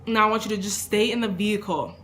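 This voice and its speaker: A woman voicing her worried mother on the phone, talking urgently and trying to calm her down. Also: mid-range voice, fast, slight background noise, close to an everyday voice.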